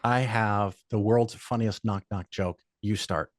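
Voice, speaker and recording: A man's voice: fairly low pitch, a little slow, dry recording. An older man, a podcast guest, telling stories in casual chat with frequent swearing and quoted voices. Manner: profane, animated anecdotes with quoted voices.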